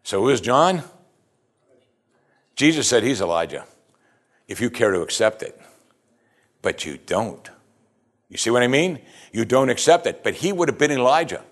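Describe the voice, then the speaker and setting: A man's voice: medium pitch, very animated, normal speed, long pauses. A man giving a chatty, conversational Bible teaching, often putting rhetorical questions to his listeners. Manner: informal, chatty retelling of scripture.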